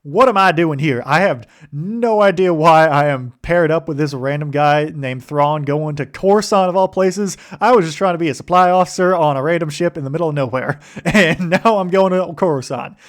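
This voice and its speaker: A man's voice: on the high side, moderate pace, few pauses, voice pushed up, close to an everyday voice. A man voicing a nervous young male cadet who is out of his depth, with a flustered, disbelieving delivery. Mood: bewildered.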